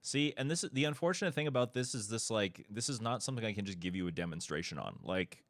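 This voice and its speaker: A man's voice: on the low side, expressive, quick pace, no echo. A man streaming a speedrun, chatting casually with his viewers, laughing often and swearing freely. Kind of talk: casual live-stream chat while gaming.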